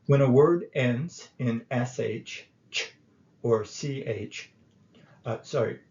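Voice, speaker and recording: A man teaching English grammar, explaining each point slowly and deliberately, with frequent pauses and fillers. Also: medium pitch, darkish tone, echoey room. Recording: dull lo-fi recording.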